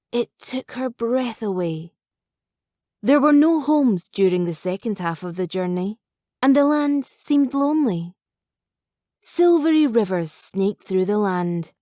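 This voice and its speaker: A woman calmly narrating a novel as an audiobook reader. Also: mid-range voice, no echo, clean studio sound. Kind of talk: scripted narration.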